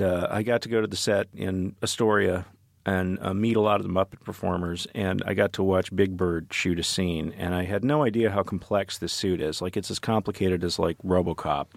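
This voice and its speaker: A middle-aged man co-hosting a podcast, telling an animated story in casual chat. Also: deep voice, vocal fry, dry recording. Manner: animated storyteller, playful with puns. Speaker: podcast co-host.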